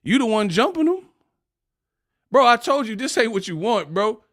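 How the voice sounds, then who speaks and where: Animated, high-pitched man ranting. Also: normal speed, dry recording, studio quality. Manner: animated, mocking, laughs often. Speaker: boxing commentary host. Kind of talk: casual commentary rant.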